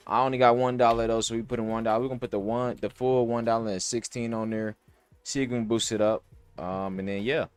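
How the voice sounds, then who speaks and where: A man's voice: medium pitch, level tone, fast talker, smooth, dry recording. A young man hosting a podcast, casually thinking aloud about sports bets with slang and cursing. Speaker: podcast host. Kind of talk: casual sports betting talk. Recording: dry close mic, faint music.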